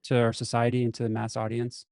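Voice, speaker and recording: A man with a mellow, darker tone hosts a casual podcast interview, asking long, winding questions. His voice sits in a mid range and sounds dry and close to the mic. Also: medium pitch, monotone, quick pace, vocal fry, dry recording. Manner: asks long searching questions, many "mm-hmm" backchannels. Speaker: podcast host.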